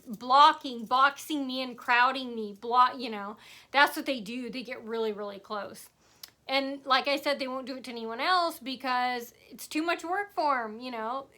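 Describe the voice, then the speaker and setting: A woman's voice: high voice, bright, forceful tone. A woman telling a rambling personal story to camera, sarcastic and full of fillers and asides. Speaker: vlogger.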